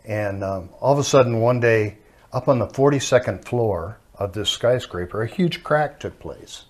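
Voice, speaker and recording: A man's voice: on the low side, moderate pace. An older man teaching a marriage course with his wife, telling stories in a folksy way. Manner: folksy storyteller.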